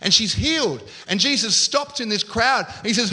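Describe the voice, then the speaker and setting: A man's voice: high-pitched, animated, brisk, few pauses, bright, forceful tone. A man preaching a sermon as pastor, telling Bible stories and acting out the quoted lines. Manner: storytelling, acts out quoted lines.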